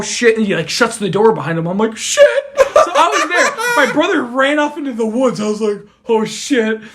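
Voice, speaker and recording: A young man guest on a podcast, telling a story in a loose, excitable way, swearing often and acting out the people he quotes. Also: high-pitched, slight background noise. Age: young adult. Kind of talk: casual storytelling.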